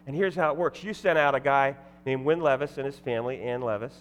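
A man's voice: mid-range voice, fast talker, slight background noise. Man telling stories from a church stage. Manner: casual, joking storyteller with fillers and restarts. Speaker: former elder and guest speaker at his old church. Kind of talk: personal testimony to a congregation. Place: church sanctuary. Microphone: headset or ear mic. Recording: long reverb of a large church.

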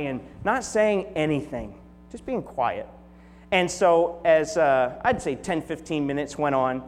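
A man in his forties preaching a conversational sermon. He shifts from lively storytelling to soft, hushed prayerful tones. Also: a little high. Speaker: pastor. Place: church sanctuary. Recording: long hall reverb with faint mains hum.

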